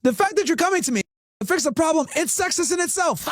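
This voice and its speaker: A man's voice: very high voice, expressive, quick pace, a bit bright, no room sound. A man streaming a reaction video, ranting and mocking it with heavy swearing while he talks straight to his chat.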